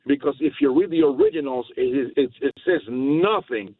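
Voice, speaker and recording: Gravelly man on a tinny phone line. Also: a little high, wildly swooping pitch, normal speed, dry recording. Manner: emphatic, rambling. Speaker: caller. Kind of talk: casual phone-in chat.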